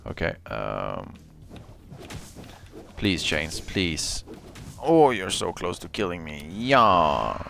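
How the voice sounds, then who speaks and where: Male streamer, deep and gravelly, cursing and yelping through his gameplay commentary. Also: extremely slow, pauses often, soft background music. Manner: excitable, swings between muttering and yelling; curses often.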